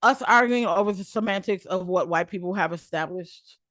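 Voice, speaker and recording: A young woman from Detroit, talking casually and telling stories with lively acted-out quotes, recorded dry and close. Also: lowish voice, moderate pace, no echo. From Detroit, Michigan, United States. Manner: animated storyteller who acts out quoted voices. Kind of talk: casual conversation.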